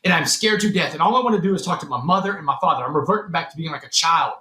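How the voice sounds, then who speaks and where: A Texan man, a podcast guest, tells his personal story dramatically and acts out other people's voices. His voice is fairly high, expressive, racing, bright and forceful, with roomy echo and faint music in the background.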